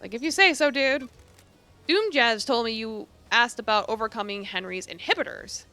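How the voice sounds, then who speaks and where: A woman's voice: a little high, moderate pace, pushed and bright, faint music behind. A woman streaming a game, reading its dialogue aloud and adding casual, swearing asides.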